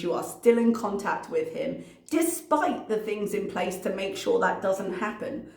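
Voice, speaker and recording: A woman's voice: mid-range voice, animated, measured pace, gravelly, echoey room. A woman commentator reacting to a video in a casual, analytical way, working through her notes with frequent ums.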